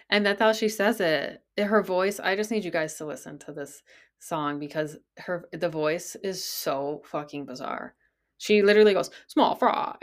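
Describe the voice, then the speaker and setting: A woman hosting a casual solo podcast, talking in an incredulous, exasperated way and swearing freely. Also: medium pitch. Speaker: podcast host.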